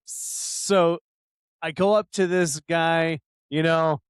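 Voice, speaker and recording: Man, podcast host, high voice, dry close sound, chatty and profane, laughs a lot. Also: fairly even intonation, slow, clear, resonant tone, no room sound. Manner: rambling storyteller, swears a lot, laughs often, mimics people. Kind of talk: casual chat.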